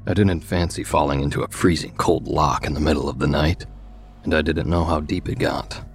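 A male storyteller with an extremely deep, low voice, reading a first-person tale in a steady, measured way. Soft music plays faintly underneath. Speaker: narrator. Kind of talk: scripted story narration.

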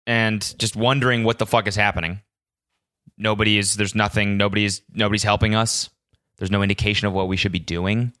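A man's voice: fairly low pitch, flat delivery, fairly quick, fairly bright tone, no echo, clean studio sound. A man hosting a solo podcast, telling a story as an exasperated rant full of swearing. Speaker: podcast host.

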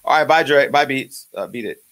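A man's voice: medium pitch, animated, fairly quick. Foul-mouthed man ranting on his show. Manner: profane, loud, swinging from joking to angry. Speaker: show host. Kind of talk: uncensored comedic rant.

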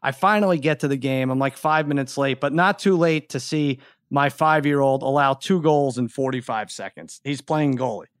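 A middle-aged man on a podcast, telling a story in an animated, exasperated way. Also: mid-range voice, moderate pace, few pauses, no room sound, studio quality. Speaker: podcast co-host. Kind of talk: casual chat.

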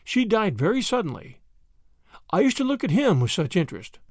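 A man reading a storybook aloud, voicing a fussy, anxious old grandmother on a train who speaks in a high, quavering, excitable way. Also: a little fast, no echo, studio quality. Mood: wistful.

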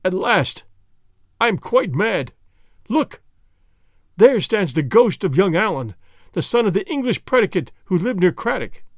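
A man's voice: sits high, big pitch swings, measured pace, long pauses, no room sound, studio quality, full character voice. A man voicing a choked, bewildered old settler. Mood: stunned. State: choked with emotion.

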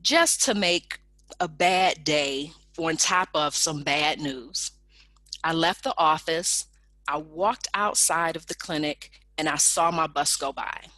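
A woman telling a personal story in a lively storytelling manner, acting out the people in it with raised voices. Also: low-pitched, takes it slowly, no echo. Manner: animated, acts out quoted people in raised voices.

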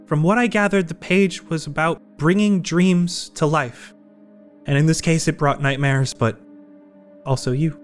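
A man voicing an anxious young woman haunted by nightmares, speaking in a halting, stammering, earnest way. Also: a little high, fairly even intonation, soft background music, natural voice.

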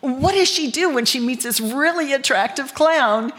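A woman's voice: high voice, expressive, normal speed, a bit bright. A woman from the United States telling a bawdy personal story on stage, candid and laughing as she goes. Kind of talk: live storytelling performance.

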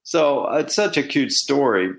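A man's voice: expressive, unhurried, vocal fry. A middle-aged man, a former team executive, talking casually and telling stories, acting out quoted exchanges. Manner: conversational storyteller, acts out quoted dialogue with rising pitch. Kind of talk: casual solo commentary.

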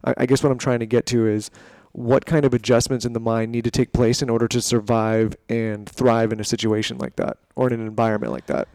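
Brief: male podcast host, rambling questioner, rapid delivery, dry close sound. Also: mid-range voice, a little mellow, dry recording. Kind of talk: casual interview questioning.

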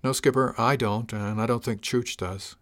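A man's voice: mid-range voice, steady tone, moderate pace, a bit bright, close to an everyday voice. A man reading an audiobook, voicing a wary, earnest young male spacer who answers in hesitant, clipped replies. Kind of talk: audiobook character voice.

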